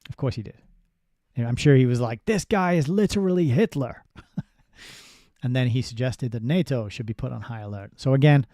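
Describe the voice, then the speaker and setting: Male book reviewer with a deep, warm, dark tone and a dry close sound. He is sardonic and halting. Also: steady tone, no echo. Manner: sardonic asides with halting restarts. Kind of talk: casual spoken book review, reading passages aloud.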